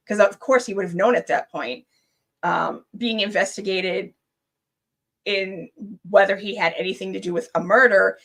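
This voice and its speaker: A woman chats as a guest on a live stream. She tells her story with plenty of energy and acts out the quotes in it. Her voice sits at an ordinary middle pitch for a woman. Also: gravelly, fairly bright tone. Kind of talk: casual live-stream chat.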